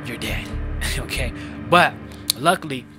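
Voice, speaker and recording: A young man hosting a casual storytime, talking in slangy, animated bursts that jump loud when excited. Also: medium pitch, a little slow. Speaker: storytime channel host. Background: background music.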